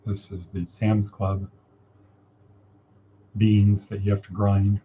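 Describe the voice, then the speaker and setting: A man's voice: lowish voice, completely flat delivery, slow, mellow, lo-fi sound, slight background noise. A man hosting a casual morning coaching livestream, upbeat and encouraging as he reads viewer comments and guides listeners through steps.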